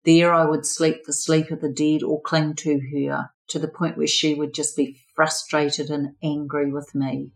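Older New woman, low and earnest, measured personal testimony over faint music. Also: rough recording. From New Zealand. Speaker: former therapist sharing her story.

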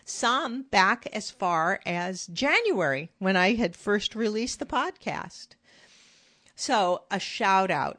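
A middle-aged woman hosting her own podcast, talking in a reflective, gentle and candid way from her home office. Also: fairly low pitch, no echo. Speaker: podcast host. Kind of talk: personal podcast monologue.

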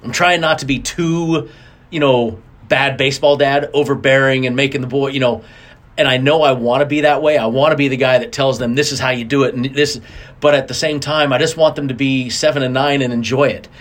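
A middle-aged man, a racing driver guest, telling stories in a casual interview, animated and acting out quotes with big jumps in his voice. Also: medium pitch, a little fast.

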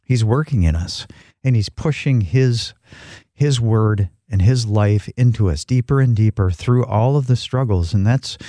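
A man's voice: fairly low pitch, measured pace, dark tone, no echo, clean studio sound. A man co-hosting a Christian talk show, teaching from the Bible in an earnest, reflective way with frequent restarts. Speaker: christian podcast co-host.

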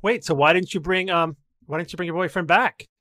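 A man's voice: high-pitched, sharp tone, no echo, studio quality. Teasing man co-hosting a podcast. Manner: teasing, quick interjections. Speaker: podcast co-host. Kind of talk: casual chat.

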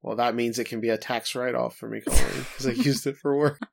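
A man co-hosting a podcast in loose, casual chat. He teases his co-host and tosses in quick playful asides, his voice sitting at an ordinary middle pitch. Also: steady tone, vocal fry.

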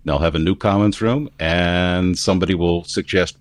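Man, standard American accent, very low voice, measured explainer, dry close sound. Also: fairly even intonation, dry recording. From United States. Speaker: commentator. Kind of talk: casual discussion.

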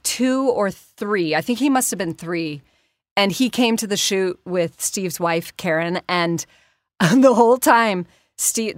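A middle-aged woman voice actor in a casual interview, animated and prone to slipping into character voices. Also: lowish voice, dry recording, studio quality. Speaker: voice actor and voice director.

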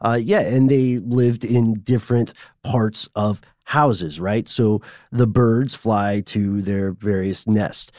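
A man co-hosting a history podcast, explaining in a relaxed way. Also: fairly low pitch, takes it slowly, hardly any pauses, dry recording, studio quality. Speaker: podcast co-host. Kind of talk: casual history chat.

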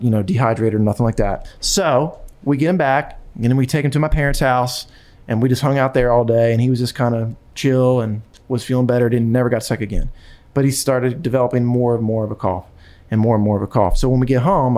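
Man telling an animated story. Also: medium pitch. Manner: animated, with frequent restarts and repetitions. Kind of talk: casual storytelling conversation.

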